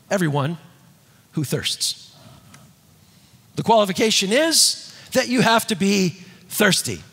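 A male preacher with a somewhat high, husky voice delivers an emphatic sermon that leans on repetition. He sinks into soft, low tones for scripture passages. The sound carries a long hall reverb.

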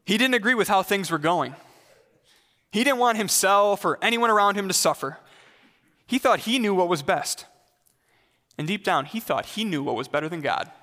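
Guy pastor giving a sermon, chatty, asks the crowd stuff, high voice, long echo in a big hall. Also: expressive, moderate pace, pauses often, sharp tone. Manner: conversational, questions the congregation directly.

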